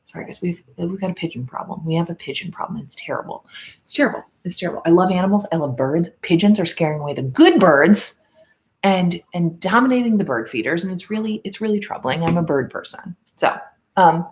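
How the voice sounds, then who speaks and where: A woman hosting a casual podcast livestream, chatting loosely with lots of fillers and restarts, and quoting others in a mock higher voice. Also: expressive, a little fast. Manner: rambling, many fillers and restarts. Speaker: podcast host.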